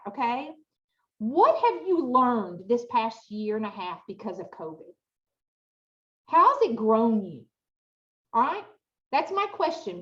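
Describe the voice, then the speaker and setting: A middle-aged woman giving an interactive online workshop, chatty and expressive, asking the audience lots of rhetorical questions over a video call. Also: high voice, highs cut off. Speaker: workshop presenter.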